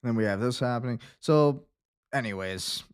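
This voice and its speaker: A man's voice: mid-range voice, normal speed, clean tone. A man hosting a livestream watch-along, reacting in a casual, chatty way. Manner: casual, chatty, uses fillers. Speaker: livestream host.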